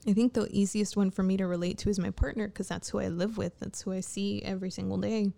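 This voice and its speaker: A woman's voice: medium pitch, fairly even intonation, fast talker, vocal fry, few pauses, mellow. A woman talking candidly to the camera in a casual late-night ramble, swearing freely and restarting her sentences. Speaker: vlogger.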